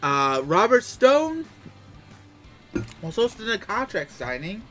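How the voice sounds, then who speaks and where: A man's voice: sits high, sing-song, slow, a bit bright, faint music behind. A man giving a casual, rambling wrestling recap, full of fillers and restarts.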